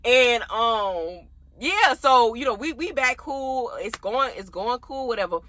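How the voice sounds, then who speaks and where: A young adult woman chatting casually to her viewers, telling an animated storytime about her past. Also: on the high side, unhurried, dry recording. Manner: animated, talks straight to viewers.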